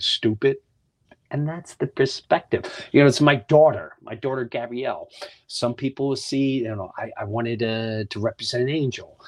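A man hosting a podcast, telling earnest, heartfelt stories in a casual monologue. He often restarts and repeats words, and sometimes drops to a near whisper. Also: lowish voice. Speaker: podcast host.

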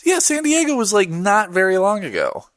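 A man's voice: normal speed, a crowd in the background. A man hosting a podcast in casual chat, laid-back and slangy. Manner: laid-back, slangy, swings up in pitch when excited. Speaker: podcast host.

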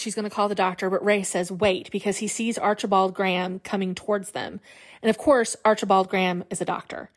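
A woman podcast host casually retelling a movie scene by scene, acting out the characters' lines with feeling. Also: mid-range voice. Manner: animated retelling, acts out quotes, laughs.

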